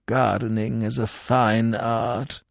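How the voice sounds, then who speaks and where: A doddering old earl with a raised, wandering voice, lost in his own thoughts, rambling and trailing off mid-phrase, as a man reads him. The voice has a gravelly edge and sounds dry and close. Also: a little high, very animated, a little slow, no echo, pitched above the performer's own voice, heavily acted. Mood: dreamy. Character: dreamy absent-minded elderly male earl.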